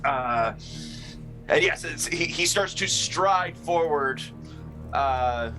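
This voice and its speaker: A man playing a tabletop game who describes his character in a halting way, with many fillers. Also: a little high, animated, over music. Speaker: player.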